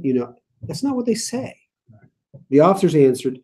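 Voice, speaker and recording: A man's voice: fairly high pitch, fairly quick, pauses often. Laid-back man leading a Bible study. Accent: American. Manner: animated, playful, laughs while explaining. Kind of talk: casual Bible study teaching.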